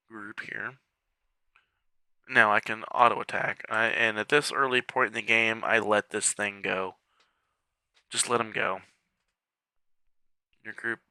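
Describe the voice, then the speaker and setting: A man with a gravelly, very bright and cutting voice talks through a strategy game in a casual, chatty way, often muttering under his breath as he clicks. He has the hiccups. The sound is close and dry, with no room around it. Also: on the low side, dry recording. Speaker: game walkthrough creator. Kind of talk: casual gameplay commentary.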